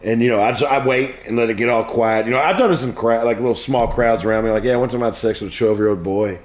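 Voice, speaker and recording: Profane comedian telling stories casually. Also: male voice, mid-range voice, fast talker. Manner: crude, profane joke-telling. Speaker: comedian and stream host. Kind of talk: casual storytelling chat.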